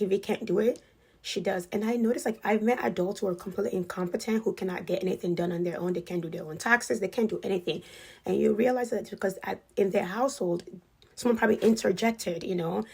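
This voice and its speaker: A woman's voice: mid-range voice, vocal fry, a little mellow, breathy edge. A woman telling a casual, chatty story, filling her sentences with "like". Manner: chatty, leans heavily on "like" as a filler. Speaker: storyteller sharing experiences with a wealthy family.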